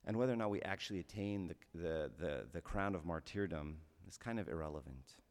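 A man's voice: low voice, brisk, big-room sound. A man giving a conversational homily as a priest, often checking in with his listeners with "right?".

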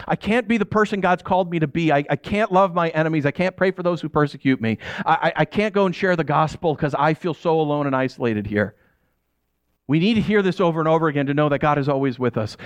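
A man's voice: fairly high pitch, dry recording. A middle-aged man preaching a conversational sermon as a pastor. He repeats phrases for emphasis and acts out quoted voices.

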